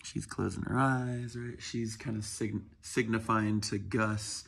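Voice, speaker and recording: A man at home calmly explaining how he introduces his dog to his cat, often checking in with "right?" as he coaches. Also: fairly low pitch, slow pace, creaky, slightly rough. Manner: soft-spoken, frequently adds "right?" while coaching pets. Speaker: dog owner training his dog. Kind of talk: casual explanatory vlog. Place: home indoors with pets.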